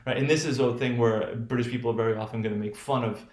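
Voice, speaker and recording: A male teacher with a General American accent, lecturing on pronunciation, halting, restarting often and checking with "right?". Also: medium pitch, steady tone, roomy sound. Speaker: phonetics teacher. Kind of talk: recorded remote lecture.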